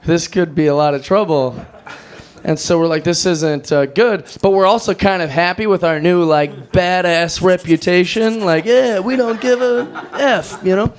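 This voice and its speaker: A man doing stand-up, telling a rambling, self-mocking story with animated energy. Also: a little high, normal speed. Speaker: stand-up comedian.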